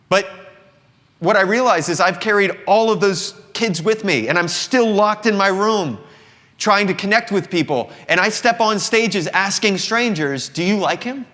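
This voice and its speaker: This man's voice sits high and sounds a bit bright. A Southern US singer-songwriter in his thirties, he shares an earnest, reflective confessional monologue with a live audience in a company showroom indoors, and the space lends the recording a long reverb.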